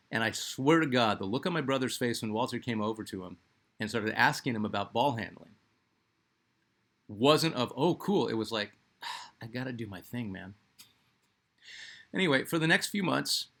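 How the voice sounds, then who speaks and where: A man's voice: mid-range voice, fairly bright tone. A middle-aged man from Phoenix, hosting a sports channel and telling a personal story in a rambling, conversational way full of fillers. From Phoenix, Arizona, US.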